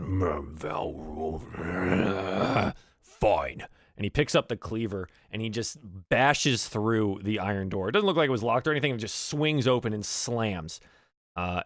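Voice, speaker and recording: A man narrating a tabletop game as dungeon master, describing scenes with many pauses and fillers. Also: fairly low pitch, no echo, studio quality.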